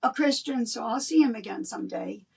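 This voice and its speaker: An older woman, a guest in an interview, telling a personal story in an animated way and laughing between lines. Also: fairly high pitch, fairly quick, creaky, breathy edge, recorded from a distance.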